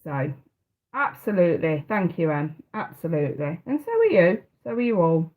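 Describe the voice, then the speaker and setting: A woman's voice: on the low side, sing-song, normal speed, phone-quality sound. A woman, hosting a live tarot stream in casual, hesitant chat and laughing often. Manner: chatty, hesitant, often restarting, laughs a lot.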